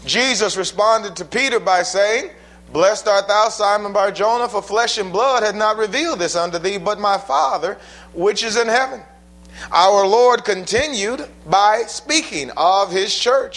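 A man's voice: high-pitched, lively intonation, unhurried, fairly bright tone. A man preaching a sermon, quoting scripture with rising and falling emphasis.

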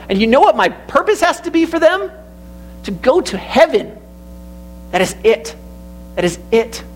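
A man's voice: extremely high pitch, a little hiss or hum, poor audio. A man preaching an earnest sermon in a church, repeating key phrases and building to emphatic peaks. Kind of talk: sermon with invitation. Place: church sanctuary.

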